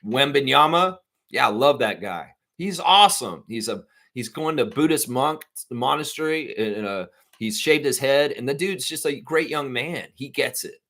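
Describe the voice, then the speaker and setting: A man talks loosely through a live fan stream in a mid-range voice. He rambles from one thought to the next and reads viewer comments out loud as he goes. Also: expressive, moderate pace. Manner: gets loud and high-pitched when worked up. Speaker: sports fan livestream host. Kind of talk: casual live chat reacting to news.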